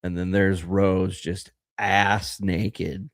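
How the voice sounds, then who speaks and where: A man's voice: deep voice, level tone, very slow, dry recording, studio quality. A man co-hosting a casual podcast, ranting and rambling with lots of fillers and laughter. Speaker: podcast co-host.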